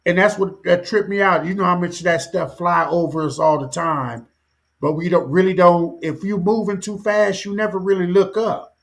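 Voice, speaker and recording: A man's voice: high voice, steady tone, moderate pace, vocal fry. A man in a casual talk show chat, speaking loosely and rambling. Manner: loose, rambling, laughs along.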